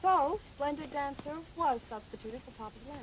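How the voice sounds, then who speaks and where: An actress playing a horse owner in a TV drama, teasing and wry. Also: female voice, high voice, lively intonation, moderate pace, slight background noise, rough recording. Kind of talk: 1980s TV drama acting.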